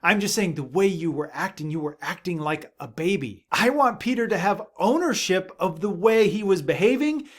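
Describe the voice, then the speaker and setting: A man hosting a parenting video, father of seven, giving earnest, emphatic advice straight to the camera and dropping his voice low for asides. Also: lively intonation, normal speed, few pauses. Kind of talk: direct-to-camera advice talk.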